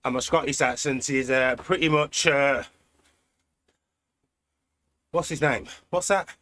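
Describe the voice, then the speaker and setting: A man from Britain with a British accent, chatting in a relaxed way while hosting a cycling live stream from an indoor trainer at home. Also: medium pitch. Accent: British English. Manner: relaxed, chatty, thinking aloud with pauses. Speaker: cycling livestream host. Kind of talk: casual live-stream chat while riding.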